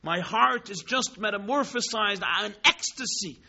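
A man telling a story in a sermon, dramatic, swinging between hushed tones and exclamations, mixing in Hebrew and Yiddish terms. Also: sits high, normal speed, gravelly. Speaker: rabbi teaching Chassidus. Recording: dull lo-fi recording.

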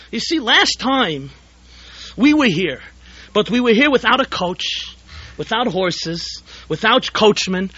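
A man voicing a calm, wise older male rebbe who answers with a gentle rebuke, on a dull lo-fi tape recording. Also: extremely high pitch, slightly rough, no echo, pitched above the performer's own voice, heavily acted.

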